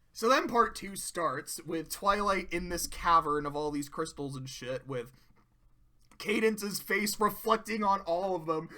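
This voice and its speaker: A young adult reviewer giving casual spoken commentary, profane and excitable, ranting with sudden loud bursts. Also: medium pitch, a little slow. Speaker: video reviewer.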